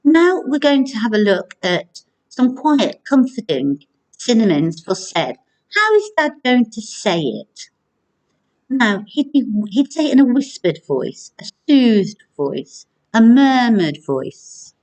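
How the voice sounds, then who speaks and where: A woman primary school teacher giving a recorded video lesson, speaking clearly and encouragingly to children. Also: a little high, sing-song, darkish tone. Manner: slow, clear, encouraging classroom delivery.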